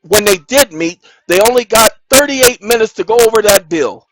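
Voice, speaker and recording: A man hosting his own channel, talking in an emphatic, preaching-style monologue that keeps calling out to "ladies and gentlemen" and climbs into loud, insistent bursts. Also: high voice, expressive, moderate pace, over music, poor audio. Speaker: channel host.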